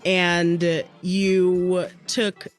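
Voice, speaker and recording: A woman's voice: fairly low pitch, little pitch movement, extremely slow, faint music behind. A woman co-hosting a podcast in sassy, playful, profane casual chat. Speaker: podcast co-host.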